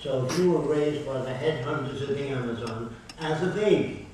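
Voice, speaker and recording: A man's voice: mid-range voice, moderate pace, noisy background. An older man giving a public lecture in a university hall, speaking in emphatic, declarative statements and running through lists. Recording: very echoey hall, recorded from far off.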